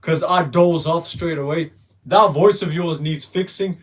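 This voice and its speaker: Profane, mocking man in a voice chat, high voice, loud and insulting. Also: unhurried. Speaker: gamer in a voice call. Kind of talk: casual trash talk.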